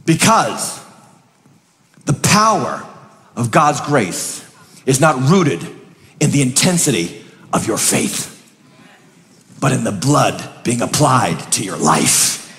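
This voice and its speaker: A man preaching a sermon as pastor, swinging between booming declarations and hushed, conversational asides. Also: very animated, takes it slowly, long pauses, in a large hall.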